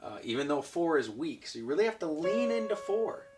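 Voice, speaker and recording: A man's voice: a little high, very animated, a little fast. A man teaching an online piano lesson, patiently counting beats aloud as he demonstrates at the keyboard. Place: room with a piano. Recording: recorded from a distance with piano playing.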